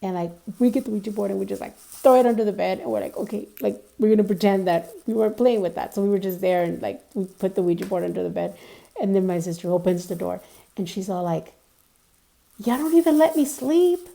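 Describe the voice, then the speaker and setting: A woman's voice: mid-range voice, steady tone, fast, creaky, mellow. A young woman vlogger casually telling a personal story, rambling with lots of "like" and "you know".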